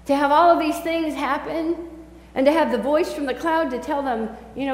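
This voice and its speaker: A high-pitched woman pastor delivers a sermon, talking to the congregation in a casual, animated storytelling style. Her voice rings through a church sanctuary with long, echoing reverb. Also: moderate pace. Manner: conversational, animated storytelling preaching.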